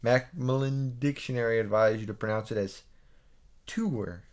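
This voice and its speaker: A man's voice: mid-range voice, normal speed. A young man co-hosting a casual podcast, laughing often and reading pronunciation notes aloud. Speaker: podcast co-host. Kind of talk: casual chat.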